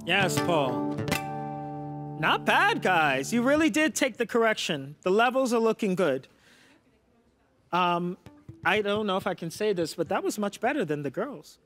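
High-voiced man coaching dancers. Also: big pitch swings, a little slow, pauses often, fairly bright tone, soft background music. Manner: coaxing, repeats "yeah?" to check understanding. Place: dance studio.

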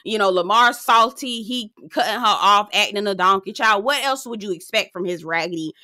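A woman hosting a casual reality TV recap, sassy and animated, swearing freely as she talks straight to her viewers. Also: mid-range voice, normal speed, no room sound, clean studio sound.

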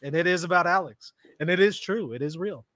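A man hosting a casual chat, animated and laughing often. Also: sits high, fairly quick, dry recording. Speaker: host.

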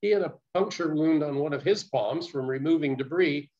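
An older man recounting his story as a guest speaker, earnest and measured, with small stammers. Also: fairly high pitch, a little mellow. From Canada. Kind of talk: personal storytelling talk. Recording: muffled lo-fi recording.

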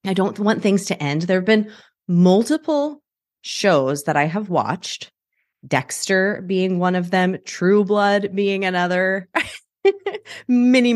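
A woman hosting her own podcast, her voice sitting low for a woman. She talks in a chatty, animated way and breaks into laughter often as she goes. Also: no room sound, clean studio sound. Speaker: podcast host. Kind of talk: casual solo podcast talk.

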